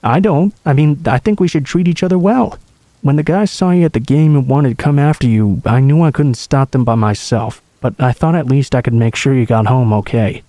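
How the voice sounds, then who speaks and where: A man's voice: mid-range voice, brisk, dark tone, dry recording, close to an everyday voice. A man voicing a protective young male country boy who talks in an earnest, reassuring way.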